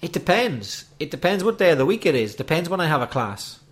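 A man's voice: fairly high pitch, big pitch swings, brisk. A man who teaches languages, co-hosting a casual podcast, playful and teasing in his banter.

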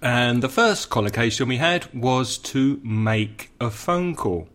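Slow, deliberate male English teacher. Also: mid-range voice, animated, a bit bright. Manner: slow, deliberate, repeats phrases for learners; adds brief Spanish glosses. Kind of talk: language lesson.

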